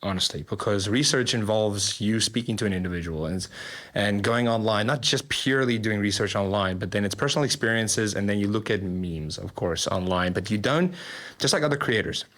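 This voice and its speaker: A young man from South Africa, a social media creator, answering interview questions in a candid, animated way. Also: on the low side, brisk.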